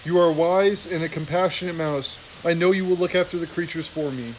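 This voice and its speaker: A man reading aloud, voicing an old male abbot mouse who is dying, gentle and fatherly. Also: a little high, steady tone, a little fast, a little hiss or hum, lightly acted, poor audio. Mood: tender.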